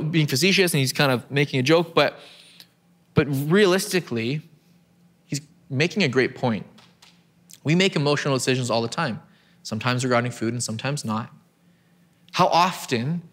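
A man's voice: mid-range voice, fairly bright tone. A man in his thirties preaches from a church stage. He keeps it conversational and self-deprecating, often doubling back on his words as he restarts a thought. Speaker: pastor. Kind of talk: sermon.

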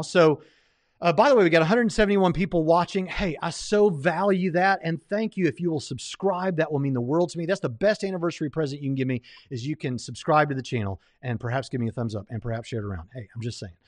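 Guy doing casual livestream commentary, kinda high voice, lots of ums and restarts, dry close sound. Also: quick pace, no room sound. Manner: rambling, frequent fillers and restarts. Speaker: livestream host reviewing a debate.

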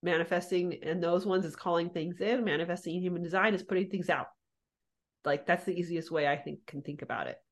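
A woman's voice: on the low side, fairly quick. A woman co-hosting a podcast in casual chat, rambling and restarting her sentences with frequent laughs. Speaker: podcast co-host.

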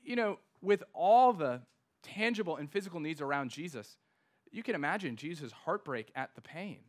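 A man preaching a sermon as pastor, emphatic, slowing down to stress key words. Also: fairly high pitch, lively intonation.

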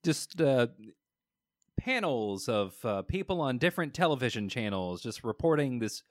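A man's voice: mid-range voice, big pitch swings, normal speed, no echo, studio quality. A man co-hosting a casual comic book podcast, talking hesitantly with many fillers and laughs. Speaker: podcast co-host.

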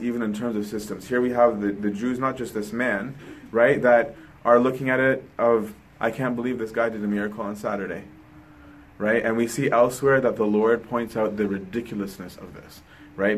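A man's voice: medium pitch, poor audio. A man delivering a sermon in an easy, conversational tone with a mid-range voice. He poses questions to the listener and keeps checking in with "right?". A faint hum of noise sits under the recording. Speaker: preacher.

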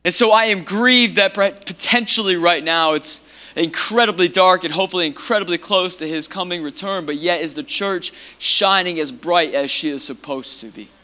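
High, bright-voiced impassioned male preacher. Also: normal speed. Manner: impassioned preaching, repetitive, rising to shouts. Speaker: pastor. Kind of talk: sermon.

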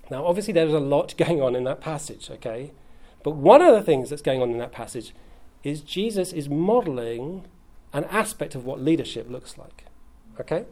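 A pastor preaches to his congregation in a relaxed, conversational way. He mixes humour into the teaching and keeps checking in with "okay?". His voice sits a little high for a man. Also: moderate pace. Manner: conversational and humorous, with frequent "okay?" check-ins. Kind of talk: sermon. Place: church hall.

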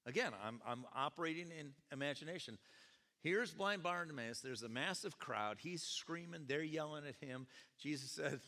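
A male pastor preaching a sermon, telling the story in an animated way and breaking into shouted quotes, in a church with long reverb. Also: a little high, moderate pace. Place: church sanctuary. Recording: long reverb of a large hall.

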